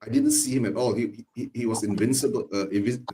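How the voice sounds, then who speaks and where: A man's voice: mid-range voice, steady tone, brisk, warm tone, a little hiss or hum. A man chatting casually about football as a panelist, ending his phrases with "right?" and laughing often.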